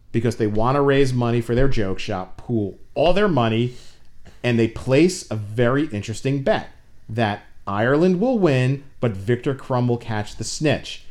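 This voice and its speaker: An American man talking in a loose, rambling podcast chat, his voice sitting at an ordinary middle pitch. He laughs often and his pitch jumps sharply when he gets worked up. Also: a little mellow. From United States. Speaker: podcast co-host. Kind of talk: casual fan chat.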